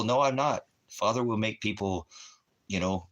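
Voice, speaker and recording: A man's voice: lowish voice, normal speed. Profane, rambling rural livestreamer man. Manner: profane, animated, talks to chat viewers. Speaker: livestream host. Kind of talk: casual rambling livestream monologue. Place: Christmas Valley area, rural.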